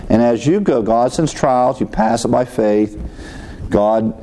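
A man preaching a sermon in a lively, animated way, his voice sitting at an ordinary middle pitch. He acts out little inner voices with sighs and exclamations as he teaches. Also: unhurried, slight background noise. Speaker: pastor.

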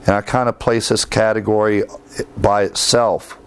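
A man's voice: fairly low pitch, little pitch movement, moderate pace, background noise. A man giving a Bible lesson, reading verses aloud with emphasis and adding conversational asides. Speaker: Bible teacher. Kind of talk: theology lecture.

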